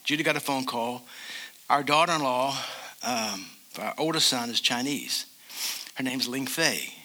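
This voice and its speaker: An older man preaching a sermon as a pastor, emphatic, and slowing down to stress key phrases. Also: medium pitch, pushed and bright.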